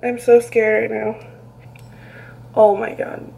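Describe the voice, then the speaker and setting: A woman's voice: on the high side, little pitch movement, takes it slowly, creaky, dark tone, rough recording. A young woman vlogging casually at home, reacting dramatically and squeamishly as she talks through a recipe. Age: young adult. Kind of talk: casual vlog chat.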